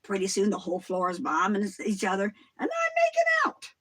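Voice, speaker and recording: A livestreamer putting on a voice for an excitable young man recalling college pranks. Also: medium pitch, fast, close to an everyday voice. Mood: gleeful.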